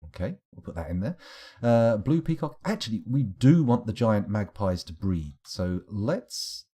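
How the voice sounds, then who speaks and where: Young streamer, low mellow husky voice, wry rambling game commentary. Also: male voice, big pitch swings, a little slow. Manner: rambling, wry, self-correcting musings.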